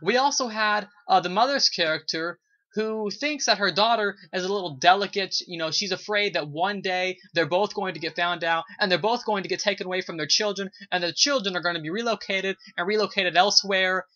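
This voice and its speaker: A bright, forceful voice of medium pitch sounds dull through a lo-fi recording. The speaker reviews a TV episode on video in a casual, rambling way, gushing with praise and using "uh" and "you know" constantly.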